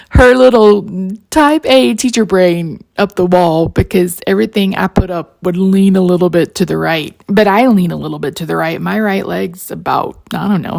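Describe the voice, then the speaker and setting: A woman's voice: mid-range voice, vocal fry, a little mellow. A woman, narrating a crafting tutorial in a rambling, chatty way full of side stories. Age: 40s. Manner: rambling, storytelling asides, frequent laughs.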